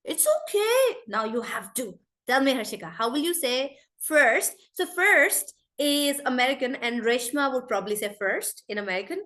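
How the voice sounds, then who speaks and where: Woman, online teacher, chatty storyteller, slightly higher voice. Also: fairly quick, hardly any pauses, fairly bright tone. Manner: chatty and storytelling, addresses students as guys. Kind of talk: live online class.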